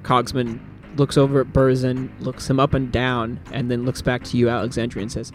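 A man's voice: mid-range voice, completely flat delivery, moderate pace, hardly any pauses, soft background music. A man narrating as game master of a tabletop game in a casual, easygoing way.

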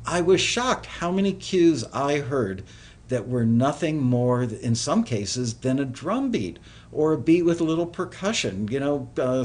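A man hosting a music production show, giving relaxed, rambling advice with many fillers. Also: mid-range voice. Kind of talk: casual instructional talk.

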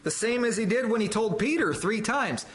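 Animated high-voiced male preacher. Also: normal speed, a little hiss or hum, rough recording. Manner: fervent, rising to loud emphatic peaks on quoted scripture; repeats phrases for emphasis. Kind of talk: sermon.

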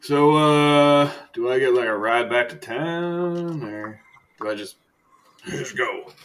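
A man's voice: medium pitch, slow, a bit bright. A man voicing a freed male prisoner who sounds casual and unsure, with a drawl in a raised voice. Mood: easygoing.

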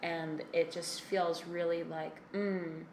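Lower-voiced woman podcaster, thinking aloud. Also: level tone, takes it slowly, a little mellow. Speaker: podcast co-host. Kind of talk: casual chat. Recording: echoey room, faint noise.

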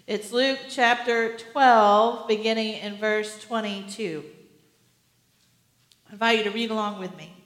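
A woman pastor preaching a sermon in an earnest way, with gentle humor. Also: medium pitch, a little slow, echoey room, in a large hall.

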